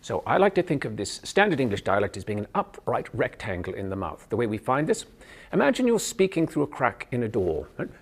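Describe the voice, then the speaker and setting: A man with a Canadian accent, a drama professor explaining speech technique in a clear, patient teaching manner. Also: mid-range voice, huge pitch swings, a little fast. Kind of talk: instructional video lesson.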